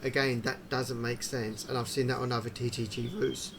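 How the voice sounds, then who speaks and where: Gravelly man musing over a game. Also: medium pitch, little pitch movement, normal speed, background noise. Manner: chatty, musing aloud, puzzled asides. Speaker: gaming channel host. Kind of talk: casual game commentary.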